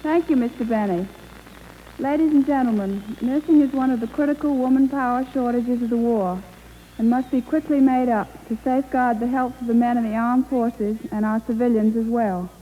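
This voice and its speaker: A young nurse reads a formal public appeal in an earnest, measured way. Her fairly high voice comes through thin and narrow, like an old radio broadcast. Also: steady tone. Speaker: student nurse guest.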